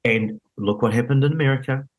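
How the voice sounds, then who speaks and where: In a podcast studio, a man with a mid-range voice talks politics at a quick pace. As a guest on the show, he gets emphatic and indignant, and his speech is peppered with fillers.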